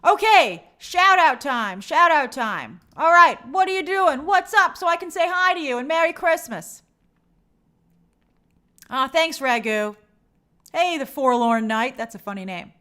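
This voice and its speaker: Woman, high voice, chatty livestream host, upbeat, reads comments aloud. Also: expressive, measured pace, pauses often, pushed and bright. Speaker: host reading live chat. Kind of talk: casual livestream chat.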